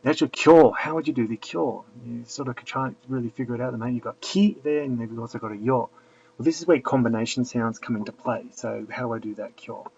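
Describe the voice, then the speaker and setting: A man's voice: medium pitch, fast talker, vocal fry, darkish tone, slight background noise. A man teaching a language lesson, patiently explaining and repeating drills aloud. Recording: dull lo-fi recording.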